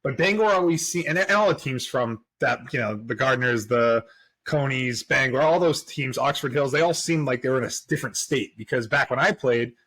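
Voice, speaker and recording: A man hosting a podcast, asking easygoing questions in a relaxed, casual interview style. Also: medium pitch, fairly quick, breathy edge. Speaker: podcast host.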